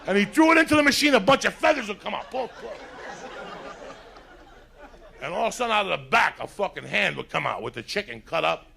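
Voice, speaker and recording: A gravelly male comic from Cuba tears through a stand-up set, his voice bright and raspy with fry. He tells rowdy, profane stories to a crowd that laughs along. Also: sits high, lively intonation, brisk, long pauses. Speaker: stand-up comedian. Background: audience laughter.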